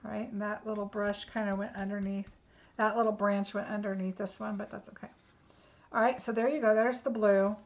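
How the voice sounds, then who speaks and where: A woman's voice: mid-range voice, flat delivery, fairly quick, low-quality recording. A woman giving a casual step-by-step craft tutorial, chatty and instructive, thinking aloud as she works. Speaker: craft demonstrator.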